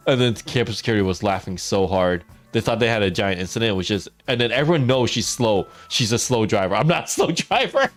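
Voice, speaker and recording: A man's voice: mid-range voice, expressive, fairly quick, hardly any pauses, faint music behind. A man telling a funny story to his stream while gaming, laughing often as he talks.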